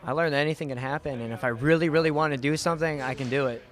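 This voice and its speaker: Young fighter explaining plainly. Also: male voice, a little high, racing. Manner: plain, matter-of-fact explaining. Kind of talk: post-fight interview.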